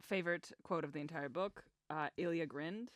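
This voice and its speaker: A woman co-hosting a podcast who reads highlighted passages aloud from a book and laughs along in casual chat. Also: moderate pace, dry recording, clean studio sound. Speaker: podcast co-host.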